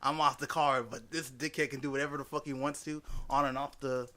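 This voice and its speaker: A man's voice: mid-range voice, fairly quick. A young man co-hosting a podcast, talking animatedly and swearing often in casual chat. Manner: animated, profane, laughs often. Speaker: podcast co-host.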